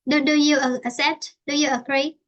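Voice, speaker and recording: A woman's voice: high-pitched, little pitch movement, moderate pace, muffled recording. A woman with a Vietnamese accent teaching an English lesson, switching between Vietnamese and English and explaining with many fillers and restarts.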